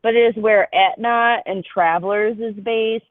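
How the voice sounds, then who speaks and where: A woman's voice: on the high side, steady tone, a little slow, no room sound. Woman caller, chatty and candid, thin call-line sound. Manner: candid, rambling, laughs easily. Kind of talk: casual chat. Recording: tinny phone-like call line.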